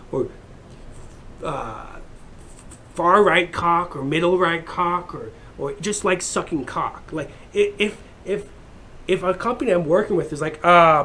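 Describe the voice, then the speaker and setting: A man's voice: high voice, fairly bright tone, a little hiss or hum. A man ranting in a crude, heated, rambling monologue as a vlogger.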